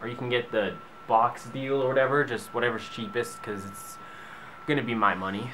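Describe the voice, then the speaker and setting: A man's voice: medium pitch, fairly even intonation, moderate pace, fairly bright tone, slight background noise. A young man vlogging at home into his camera, rambling through sarcastic asides and joking tangents. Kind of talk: comedic vlog monologue.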